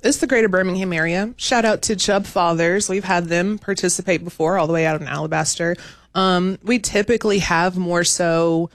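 A woman's voice: lowish voice, fairly even intonation, moderate pace, no echo, studio quality. A woman guest, explaining her event plainly in a radio interview. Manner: clear, explanatory, matter-of-fact. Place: radio studio.

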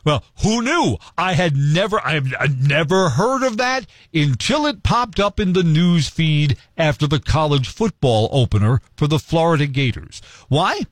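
A man hosting a morning radio talk show, giving his opinion in an earnest, animated way and jumping high when he acts out crowd chants. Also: moderate pace, hardly any pauses, dry recording. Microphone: studio microphone.

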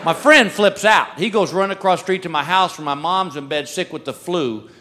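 High-voiced self-mocking male comedian. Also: brisk, sharp tone. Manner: folksy self-mocking storytelling. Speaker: stand-up comedian. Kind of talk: stand-up comedy. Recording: live show with audible audience noise.

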